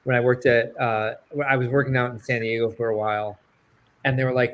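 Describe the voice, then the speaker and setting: A man with a Chicago accent telling stories in a casual talk show chat, animated and laughing often. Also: mid-range voice, a little fast. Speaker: co-host.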